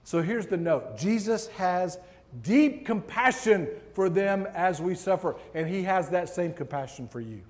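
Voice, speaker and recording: Slow, emphatic man preaching in a hall. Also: sits high, lively intonation. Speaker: guest preacher. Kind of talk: sermon. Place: large hall. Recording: long hall reverb.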